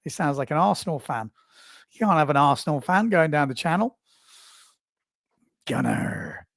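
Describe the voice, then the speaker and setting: A man hosts a live stream from a small booth and chats casually as he reads out viewer comments. His voice sits a bit high, and the close mic gives a dry sound with no room echo. He laughs easily and pokes fun at himself. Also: lively intonation, fast talker, fairly bright tone. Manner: chatty, self-mocking, laughs often.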